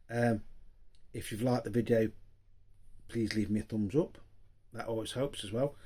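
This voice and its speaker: A man's voice: lowish voice, mellow, slightly rough. An older man, talking casually to viewers in a vlog, emotional and grateful, repeating his thanks with many fillers. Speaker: vinyl collector vlogger.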